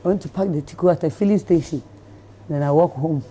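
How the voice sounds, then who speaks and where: A middle-aged Ghanaian woman telling a lively story in an interview, acting out the people in it. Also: sits low, quick pace, husky. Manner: animated storyteller who acts out voices, laughing. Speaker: celebrity guest.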